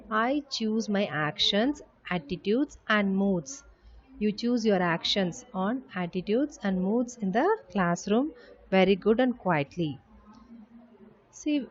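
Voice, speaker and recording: Lady teacher talking to little kids, slow and emphatic, kinda muffled lo-fi sound. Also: medium pitch. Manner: slow, emphatic, reads habits aloud then explains. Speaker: school teacher. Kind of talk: classroom lesson to young children.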